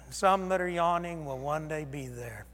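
Male preacher, higher voice, dramatic sermon delivery with loud and hushed swings, reverberant sanctuary sound. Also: moderate pace. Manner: animated, acts out voices of Jesus and disciples, swings loud and soft.

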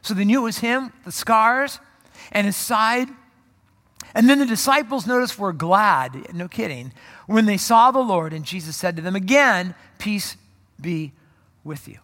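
High, bright-voiced preacher in a big hall. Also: male voice, normal speed. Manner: animated storytelling with joking asides. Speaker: pastor. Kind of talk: sermon. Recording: long reverb of a large hall.

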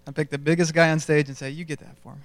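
Young man, casual storytelling preacher, fairly high clear voice, long church-hall reverb. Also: little pitch movement, racing. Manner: self-deprecating storytelling, conversational. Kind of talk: sermon. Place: large church stage.

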